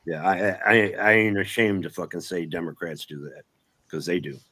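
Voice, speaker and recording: A man's voice: deep voice, moderate pace, sharp tone. A man in casual political chat, blunt and sarcastic, swearing freely.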